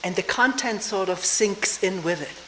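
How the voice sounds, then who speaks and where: Older woman, reflective talk on hissy tape. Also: mid-range voice. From Germany. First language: German. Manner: slow, thoughtful, pausing, soft laughs. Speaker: retreat teacher. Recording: roomy old tape with hiss.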